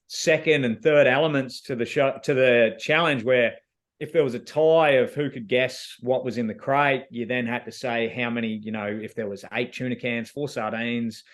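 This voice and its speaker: An Australian man recounts his time as a reality show contestant in a relaxed, slang-filled ramble. His pitch sits in an ordinary middle range. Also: moderate pace. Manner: laid-back, slangy storytelling with many fillers. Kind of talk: casual interview answers.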